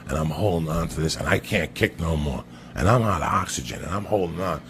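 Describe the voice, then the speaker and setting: Low rough-voiced guy ranting a dirty funny story on a podcast, lots of background hiss. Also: fairly quick. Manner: profane, emphatic, keeps addressing the listener by name. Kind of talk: casual comic storytelling.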